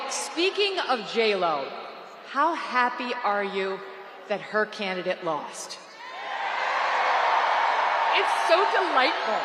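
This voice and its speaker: Over a noisy background and the echo of an arena PA, a rally speaker with a voice on the high side addresses a large venue. Her political speech comes across as mocking, sarcastic and punchy.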